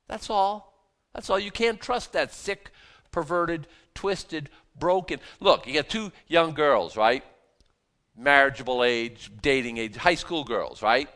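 A man's voice: fairly high pitch, a bit bright. A man teaching a sermon on a Bible passage in a conversational way, often repeating words as he goes.

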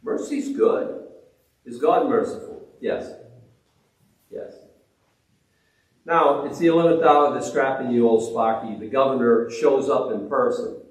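In this sermon, a man's medium-pitched, steady voice moves unhurriedly and pauses often, yet his energy is restless, lurching from loud outbursts to hushed reverence as he trips over restarts. Heavy room echo surrounds him, and he sounds distant from the microphone.

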